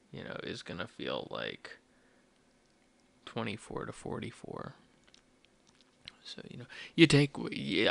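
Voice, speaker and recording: A young man in his twenties talks on his own podcast at a middle pitch, with a noticeably gravelly, fry-laden voice. He rambles loosely, pokes fun at himself and trips over restarts as he goes. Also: fairly bright tone. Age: 20s. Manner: rambling, self-deprecating, restarts often. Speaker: podcast host. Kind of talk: solo rambling podcast talk.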